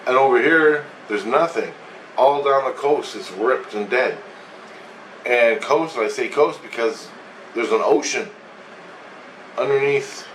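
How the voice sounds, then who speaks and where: A man with a medium-pitched, fairly bright voice casually recounts a dream, meandering and swearing freely. The recording has an echoey room, a distant mic and a faint hum.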